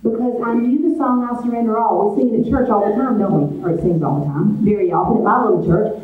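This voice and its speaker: A woman's voice: medium pitch, fast. A middle-aged woman gives an earnest spoken testimony to a gathering, telling the story and voicing her own lines along the way. Her voice sounds thin and phone-like. It is picked up from a distance in an echoey hall. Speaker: retreat speaker. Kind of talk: testimony sermon. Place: large meeting hall.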